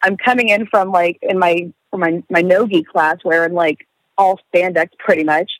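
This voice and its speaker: A woman's voice: fairly low pitch, fairly even intonation, normal speed, dry recording, poor audio. A young woman telling a story in casual chat, swearing freely, laughing and acting out the voices of the people in it.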